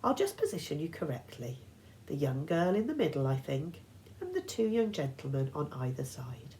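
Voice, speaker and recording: A woman voicing a soothing old female monster posing as a kindly grandmother, with a soft, coaxing purr. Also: low voice, wildly swooping pitch, normal speed, a little hiss or hum, heavily acted, poor audio. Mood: sweetly coaxing.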